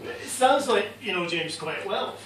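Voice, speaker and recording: Self-important spoof talk-show host, played by a man; high voice, halting delivery, distant echoey pub recording with crowd noise. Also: expressive, a bit bright. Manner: hesitant, full of uhs, self-important. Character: pompous self-praising male chat show host. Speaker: interviewer. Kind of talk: live comedy sketch. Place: pub function room.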